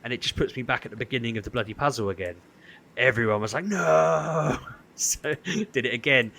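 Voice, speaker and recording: A man co-hosting a podcast tells a story in casual chat, animated and acting out what people said. He has a medium-pitched voice and talks quickly, with a slight hiss or hum in the audio.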